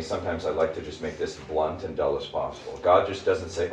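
A man's voice: deep voice, a little fast, hardly any pauses, slight background noise. A man leading a group Bible study. He teaches in an emphatic way and keeps asking the group questions. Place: room with a small group. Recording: echoey room, mic at a distance.

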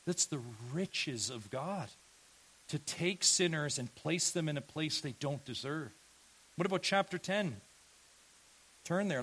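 A man preaching a sermon, earnest and emphatic, asking his listeners rhetorical questions and swinging from quiet to loud. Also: mid-range voice, slightly rough, rough recording. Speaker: pastor.

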